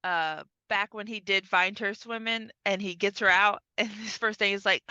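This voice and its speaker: A woman's voice: normal speed, no echo, lo-fi sound. A woman co-hosting a podcast in casual chat, retelling a film scene by scene and acting out the characters' lines. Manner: animated, acts out characters' lines with big pitch jumps. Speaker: podcast co-host.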